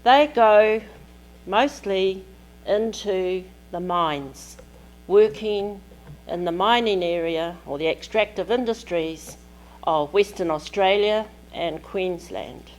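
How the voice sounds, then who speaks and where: Speaking at ordinary middle pitch, a woman from New Zealand presents a keynote at a conference held in a lecture hall. She takes her time, choosing short phrases and delivering them with care.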